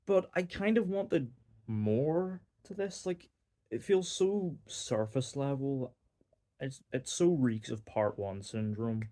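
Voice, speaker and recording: A young man from Northern Ireland with a Northern Irish accent talks casually through a movie review. His voice is mellow and warm, at a middling pitch. He rambles with frequent fillers and dry, wry asides. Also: takes it slowly. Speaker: film reviewer.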